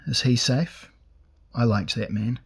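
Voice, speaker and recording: A man voicing a silky, scheming woman, spoken softly. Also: mid-range voice, slow, vocal fry, breathy edge, full character voice. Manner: soft, silky.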